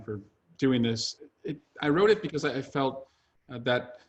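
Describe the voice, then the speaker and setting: Man talking earnestly on a video call. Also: medium pitch. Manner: frequent "uh" fillers, earnest and fluent. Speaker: author and congressman guest. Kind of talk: conversational interview over video call.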